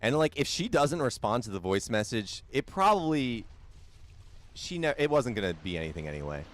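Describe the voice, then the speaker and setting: A man's voice: mid-range voice, sing-song, normal speed. A young man streaming a video game, chatting casually, repeating himself and answering viewer comments. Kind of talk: casual live-stream chat while gaming.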